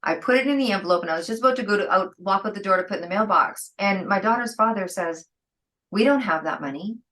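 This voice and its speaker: A middle-aged woman talks as a guest on an interview, spinning stories with real liveliness. She slips into the voices of the people she quotes and laughs easily, and her voice sits at an ordinary middle pitch. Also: fast talker, rough recording. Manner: lively, acts out quoted dialogue, laughs often. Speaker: guest entrepreneur. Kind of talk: storytelling interview talk.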